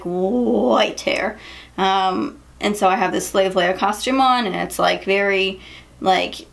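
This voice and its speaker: Chatty young woman with a creaky voice. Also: mid-range voice. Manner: chatty, lots of "like" and "um", quick laughs. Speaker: beauty vlogger. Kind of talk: casual storytelling and makeup review.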